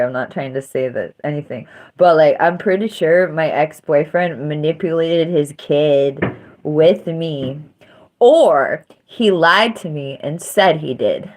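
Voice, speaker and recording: Slow-talking woman on a livestream. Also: sits low. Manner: rambling, emotional, trailing off. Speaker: livestream host. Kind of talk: casual livestream chat.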